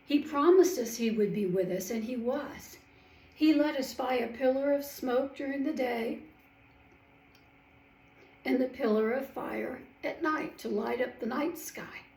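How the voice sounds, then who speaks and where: A woman telling a Bible story in character as a first-hand witness, slow and emphatic, acting out the quoted voices. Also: high-pitched, darkish tone. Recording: roomy echo, mic at a distance.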